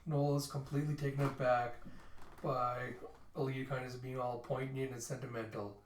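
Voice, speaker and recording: A man's voice: mid-range voice, level tone, moderate pace, slight background noise. Casual man narrating a manga, roomy echo. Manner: casual, narrating panels with "you see" and "he's like". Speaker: channel host reading a manga aloud. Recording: roomy echo, mic at a distance.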